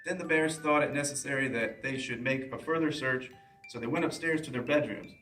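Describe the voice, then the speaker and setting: A man, a police officer, reading a children's bedtime story aloud in a plain, steady way. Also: medium pitch, fairly quick, over loud music. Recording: roomy echo, mic at a distance.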